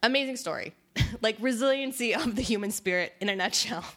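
A woman hosting a podcast, chatting casually about music with a co-host, laughing often and tossing in quick asides. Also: fairly high pitch, a bit bright. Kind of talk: casual chat.

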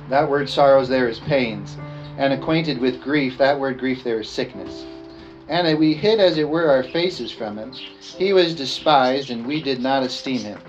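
A man preaching a communion sermon, reading scripture with emphasis and slowing down on the weighty phrases. He has the congregation repeat lines after him. The recording sounds dull and lo-fi, with music playing clearly underneath. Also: medium pitch. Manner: emphatic, slows down on key phrases. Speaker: pastor.

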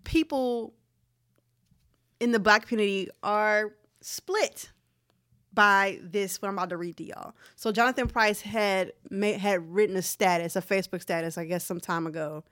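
A woman's voice: medium pitch, normal speed, a bit bright, smooth, no echo, clean studio sound. A woman co-hosting a casual chat, conversational and wry, at times reading a post aloud. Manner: conversational, frequent agreeing murmurs, wry.

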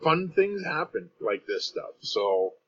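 A man's voice: fairly low pitch, big pitch swings, slow pace, fairly bright tone, husky, dull audio. A Canadian man with a Canadian accent, chatting on a podcast in a rambling, self-interrupting way and laughing often. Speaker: podcast host and guest. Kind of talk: casual podcast chat.

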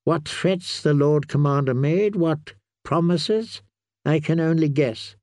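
A man voicing a very old, wise healer who speaks softly and gently. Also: on the high side, no echo, studio quality. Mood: sorrowful. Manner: soft, measured, gentle.

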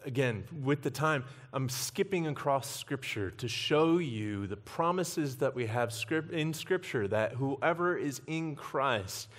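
A man's voice: medium pitch, expressive, takes it slowly, few pauses. A man preaching an evening sermon as pastor, earnest, building emphasis and volume on key points.

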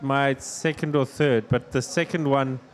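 A South African man at an even, middle pitch, trading jokes in casual podcast chat. His humour is dry and deadpan, and he tells stories as if they were nothing special. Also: a little slow. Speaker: comedian guest.

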